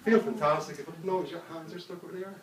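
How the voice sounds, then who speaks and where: A man's voice: a little high, quick pace, over a noisy crowd. A man working as a street hypnotist, talking a subject into a trance with coaxing, repetitive suggestions. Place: outdoors on a street. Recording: roomy, distant mic with faint background noise.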